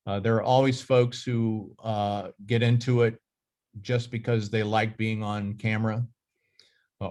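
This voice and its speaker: A middle-aged man who leads a journalism association speaks in a low voice. He rambles through career advice and stories, with many fillers and restarts. The tone is casual and reflective.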